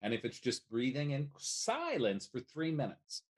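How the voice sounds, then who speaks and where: A man talking as a life coach guest in a casual podcast conversation, animated and casually swearing. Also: medium pitch, a little slow. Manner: animated, swears casually, acts out little quoted voices.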